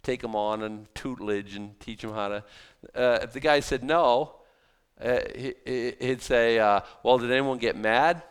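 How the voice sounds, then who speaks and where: A man preaching a sermon as pastor, talking in an animated, conversational way with mocking asides. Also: mid-range voice, unhurried, smooth, in a large hall.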